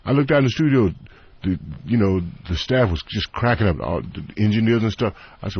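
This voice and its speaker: Husky, animated man telling a story. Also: medium pitch, a little fast. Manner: animated, acts out voices in anecdotes. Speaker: studio guest. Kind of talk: storytelling on talk radio. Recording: dull radio broadcast sound.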